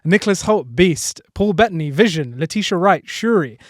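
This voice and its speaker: Guy quizzing his guest, bit high voice, dry sound. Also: expressive, no room sound. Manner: quizzing, reads lists briskly. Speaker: podcast host. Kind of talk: casual podcast quiz.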